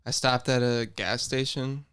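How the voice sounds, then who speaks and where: A man's voice: medium pitch, level tone, a little slow, fairly bright tone, clear, resonant tone, no room sound, clean studio sound. A young man co-hosting a podcast, telling stories in a laid-back, casual way and acting out what people said. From Minnesota, USA. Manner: laid-back storytelling, acts out quotes. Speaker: podcast co-host. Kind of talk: casual chat.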